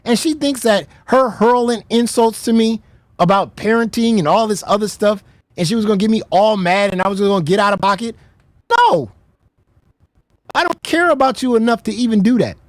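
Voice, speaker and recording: A woman's voice: fairly high pitch, normal speed, no echo. A woman from the United States hosting a reaction show, talking bluntly with plenty of swearing and mocking laughter. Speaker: host. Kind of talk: heated reaction commentary.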